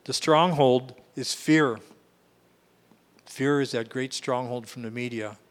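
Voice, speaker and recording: A man's voice: medium pitch, slow. A man preaching a sermon in an earnest, emphatic way, often restarting and repeating phrases as he goes.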